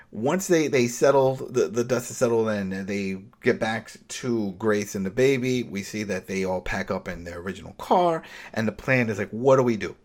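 Animated man recapping a show. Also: lowish voice. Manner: animated, acts out scenes with shifting voices. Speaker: podcast co-host. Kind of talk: casual recap chat.

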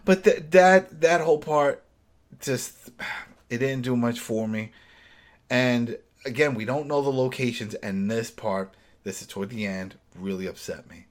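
A man in casual conversation, talking through a TV episode with lots of energy. He keeps slipping into quick mimicked voices as he replays scenes, his voice sitting at an ordinary middle pitch. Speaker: podcast co-host. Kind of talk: casual TV recap chat.

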